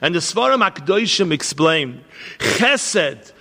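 A man's voice: fairly high pitch, big pitch swings, measured pace, bright, forceful tone. A man, a rabbi, giving a spoken lecture, telling stories as a teacher and pressing earnest questions. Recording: long hall reverb.

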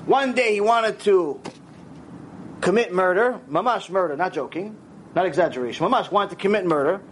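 High-voiced rabbi, animated storyteller. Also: male voice, moderate pace, a little hiss or hum. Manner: animated storytelling, acts out dialogue, sprinkles Hebrew words. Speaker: rabbi teaching a Torah class. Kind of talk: lively Torah lecture.

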